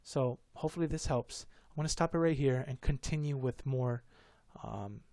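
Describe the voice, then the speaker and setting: A man's voice: medium pitch, normal speed, warm tone, dry recording, studio quality. A man explaining math in a casual lesson, rambling and stuttering, often correcting himself. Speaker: math tutor.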